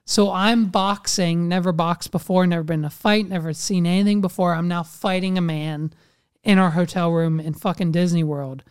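A man hosting a casual chat, telling a story in an animated way and swearing constantly. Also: sits high, moderate pace, clear, resonant tone.

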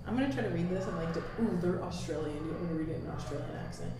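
A woman's voice: lowish voice, very fast, noisy background. A young woman hosting her own podcast, chatting and reading aloud in a dorm hallway on a phone mic. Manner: chatty, giggly, lively. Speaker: podcast host. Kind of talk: casual vlog chat and reading aloud. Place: college dorm hallway and stairwell.

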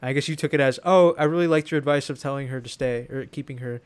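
A quick-talking young man chats on a podcast with his friends. He jokes in a deadpan, sarcastic way, at a middle pitch. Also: clear, resonant tone. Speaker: podcast co-host. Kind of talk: casual chat.

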